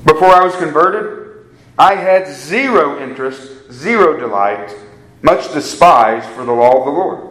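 A man's voice: a little high, animated, unhurried, fairly bright tone. A man preaching a sermon to a live group in an earnest way, repeating phrases for emphasis and calling his listeners guys. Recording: echoey room with faint ambience.

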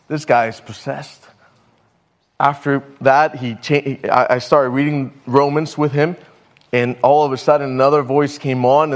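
A man preaching a sermon, telling a story and stumbling over his words now and then. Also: a little high. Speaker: pastor.

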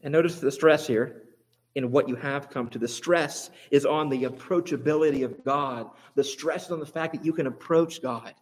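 A man preaching a sermon, lively and rhetorical, swinging between quiet asides and emphatic exclamations. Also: a little high, normal speed. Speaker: pastor.

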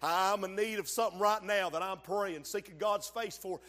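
Fervent high-voiced preacher. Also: male voice, fairly even intonation, normal speed. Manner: fervent preaching, swells to shouts and drops low, calls to the congregation. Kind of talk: sermon. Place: church sanctuary. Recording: long hall reverb.

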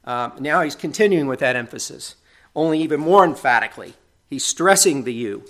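A man's voice: on the high side, fairly quick, fairly bright tone. A middle-aged man preaching a sermon in an earnest, conversational way, often checking in with tag questions.

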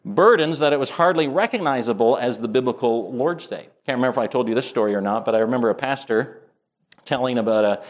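A man preaching a sermon as pastor, earnest, building to emphatic points. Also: mid-range voice.

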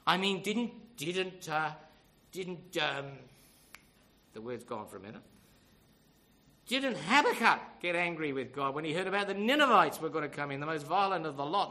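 Animated, emphatic male preacher. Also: a little high, poor audio. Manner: emphatic, animated storytelling with rhetorical questions. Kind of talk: sermon.

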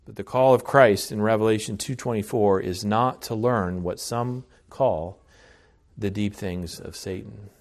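A man preaching a sermon in an earnest, deliberate way, often restarting his phrases. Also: lowish voice.

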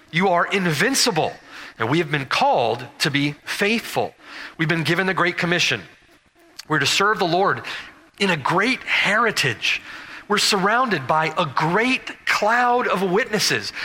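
A man's voice: high voice, bright, forceful tone. A man preaching an expository sermon, emphatic, repeating phrases for stress and building in intensity. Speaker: pastor.

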